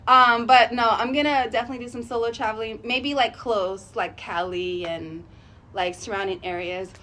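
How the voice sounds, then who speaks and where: A woman vlogging in a chatty, rambling way, thinking out loud about her goals and sharing that she is emotional and sensitive. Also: fairly high pitch, steady tone, normal speed. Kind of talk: casual motivational vlog talk.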